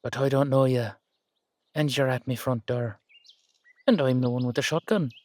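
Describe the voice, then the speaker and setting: A man's voice: mid-range voice, fairly even intonation, moderate pace, a little mellow, dry recording, lightly acted. A man voicing a wary older Irish uncle, a retired safecracker, with a sly, teasing drawl. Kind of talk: audio drama acting.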